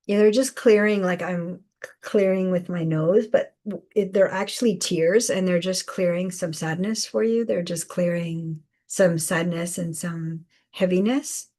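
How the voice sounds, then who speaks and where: A woman hosting a live spiritual guidance session, speaking softly with many fillers and repeated phrases. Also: on the low side, steady tone, a little slow. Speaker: intuitive guidance host.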